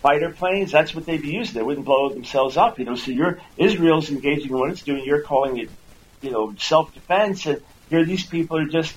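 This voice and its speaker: A radio talk show host and Christian apologist, a man, earnestly teaches his listeners, repeating words as he builds each point and acting out quoted speech in a raised voice. His pitch is fairly high and his pace a little fast. The low-quality recording carries a slight hiss or hum.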